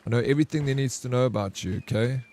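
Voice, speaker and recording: A man's voice: mid-range voice, racing, dark tone. A man from South Africa with a South African accent, chatting casually on a live game stream, joking and teasing viewers. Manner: joking, teasing banter, greets and thanks viewers. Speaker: variety streamer. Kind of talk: casual live-stream chat while gaming.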